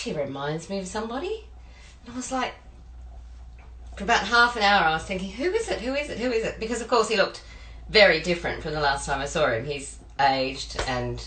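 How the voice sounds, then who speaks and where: Making a pie, an Australian home cook and private chef chats through a cooking demo full of long, wandering stories. She has a fairly low, sharp-toned voice, and the low-quality recording is reverberant with a little hiss or hum.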